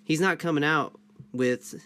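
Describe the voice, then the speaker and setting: A man's voice: on the high side, measured pace, a bit bright. A man in a Bible study who reads a passage aloud and then talks it through in a conversational way, often saying "you know" and "um". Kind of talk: scripture reading and discussion.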